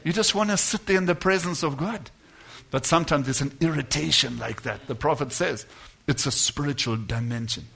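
A man preaching to his congregation in a high, bright voice. He drives his points home with loud declarations, then drops into quiet asides. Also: normal speed, gravelly, breathy edge. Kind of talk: sermon.

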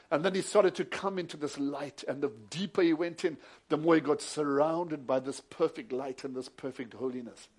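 A male preacher, moving between hushed retelling of a story and loud, emphatic preaching. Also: a little high. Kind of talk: sermon with storytelling.

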